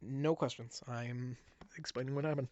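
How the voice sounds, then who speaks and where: A man's voice: mid-range voice, steady tone, moderate pace, darkish tone, highs cut off. A man narrating a tabletop game as game master, telling the story with frequent restarts.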